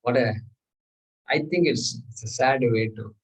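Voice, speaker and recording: A man's voice: medium pitch, unhurried, husky, far from the mic, rough recording. A man teaching a scripture class, talking through verses with rhetorical questions and chanted Sanskrit. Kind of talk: lecture on scripture.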